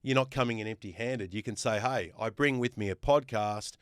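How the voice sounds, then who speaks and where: Aussie guy guest hosting a podcast, emphatic, rattles off lists, smooth clear voice, dry close mic. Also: on the low side, brisk, no room sound. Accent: Australian. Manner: emphatic, builds points with lists. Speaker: guest host. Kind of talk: casual podcast chat.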